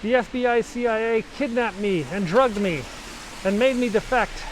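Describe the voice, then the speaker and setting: A man voicing a frantic male defector begging to be let in, pleading in a high, urgent voice. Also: normal speed, slight background noise, natural voice.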